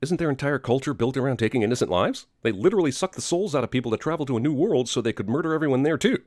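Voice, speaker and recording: Brief: sarcastic male comedy narrator, animated and fast, over audible noise. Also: medium pitch, no room sound, studio quality. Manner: snarky, mocking, quick rhetorical questions. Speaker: narrator of a movie critique comedy.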